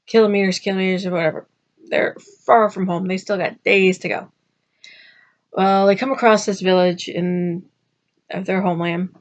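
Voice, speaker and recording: Chatty woman retelling a folk tale. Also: dull audio. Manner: chatty and rambling, acting out quotes with pitch jumps. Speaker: vlogger. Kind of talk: casual storytelling.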